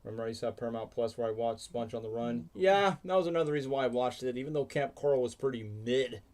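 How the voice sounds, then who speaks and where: A man hosting a casual reaction livestream, jokey and excitable, chatting with friends over trailers. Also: medium pitch, quick pace. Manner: excitable, jokey, bursts into loud silly shouts. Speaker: livestream host. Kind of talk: casual reaction stream chat.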